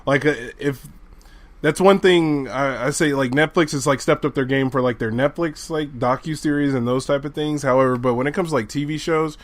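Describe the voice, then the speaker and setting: A man co-hosting a podcast in casual chat, excitable and laughing often as he talks. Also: fairly high pitch, brisk, no echo. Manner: excitable, laughs a lot while talking. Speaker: podcast co-host.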